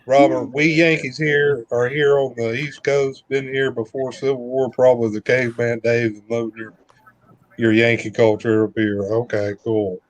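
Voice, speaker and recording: A truck driver in his fifties, guesting on a live stream, chats in an easygoing, rambling way with a mild Southern US accent that shifts around. His voice is medium-pitched and level at normal speed.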